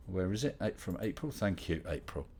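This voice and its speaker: A man's voice: low-pitched, animated, brisk, a little mellow, slightly rough. A middle-aged man hosting a casual live Q&A stream, chatting and reading out viewer questions with dry humor.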